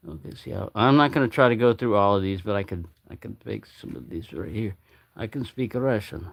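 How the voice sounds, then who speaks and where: A man's voice: on the low side, normal speed, gravelly, no echo. Chatty man rambling on a livestream. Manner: rambling, chatty, repeats himself. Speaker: knife channel host. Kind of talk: casual livestream chat.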